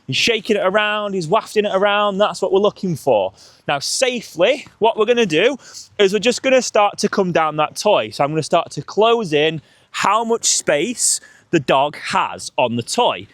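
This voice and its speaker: A high, animated male voice walks viewers through a tug game with his dog, breaking off for crisp cues. The sound is close and dry. His talk is energetic and instructive throughout. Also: normal speed, no echo. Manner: energetic, coaching, calls sharp cues to the dog. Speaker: dog trainer. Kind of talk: demonstrating and explaining a dog training game.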